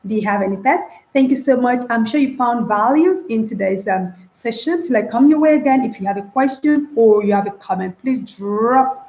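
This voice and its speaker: A woman's voice: on the high side, expressive, moderate pace, few pauses, warm tone. A woman teaching an online spoken English lesson, demonstrating phrases by repeating them with different stress. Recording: roomy, dull lo-fi sound.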